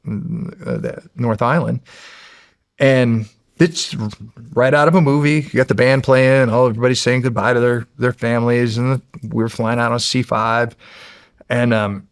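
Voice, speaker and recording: A middle-aged man from the United States with a gravelly, fry-touched voice, telling stories from his service years. He talks casually and in an animated way, full of fillers and restarts, at an everyday pitch for a man. The sound is close and dry, with no room around it. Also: unhurried, dry recording. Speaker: podcast guest, former Navy SEAL. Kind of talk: casual storytelling.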